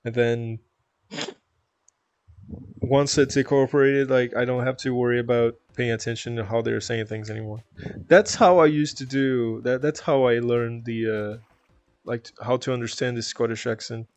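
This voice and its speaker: A man streaming, chatting with viewers in a calm, easygoing, chill way from a home setup. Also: medium pitch, moderate pace, no echo. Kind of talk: casual chat with viewers.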